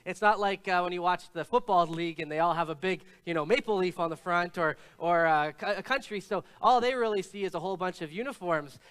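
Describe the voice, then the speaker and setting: A man preaching a sermon as pastor, telling stories in a relaxed, conversational way with frequent hesitations. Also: sits high, clean tone. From Canada.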